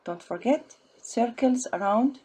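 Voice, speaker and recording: Woman, teacher, very slow delivery, husky voice, patient step-by-step. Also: a little high, animated, dark tone. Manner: patient, spells out letters and syllables one by one. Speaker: Arabic teacher. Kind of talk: slow step-by-step language lesson.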